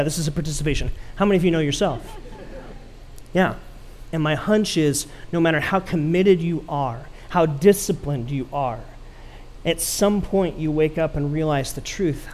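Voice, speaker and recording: Male pastor, higher-pitched voice, storytelling sermon, asks the congregation questions. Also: darkish tone. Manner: dry sarcasm.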